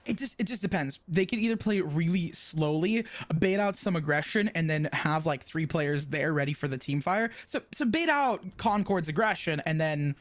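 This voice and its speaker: An esports co-caster calling plays in quick bursts, laughing easily and hedging with fillers. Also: medium pitch, expressive, dry recording. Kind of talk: play-by-play commentary.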